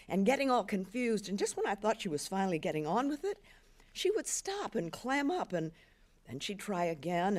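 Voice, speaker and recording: An earnest teenage schoolgirl, nervous and stammering as she pleads, put on by a woman reading aloud. Her voice rises higher and more animated than an adult's. It jumps around as she talks herself in circles.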